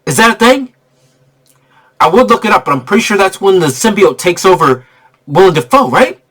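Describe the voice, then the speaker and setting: Excitable young man reviewing a movie. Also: high-pitched, normal speed. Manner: excitable, repetitive, slangy. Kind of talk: casual spoiler review.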